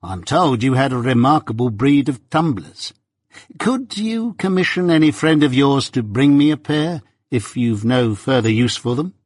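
A man voicing a brisk, dry male law clerk with a wry, clipped manner, read as an audiobook. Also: medium pitch, expressive, dry recording, natural voice.

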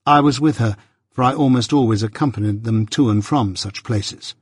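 A man giving a measured, earnest reading of a classic novel as an audiobook narrator. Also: medium pitch, breathy edge, no room sound, clean studio sound.

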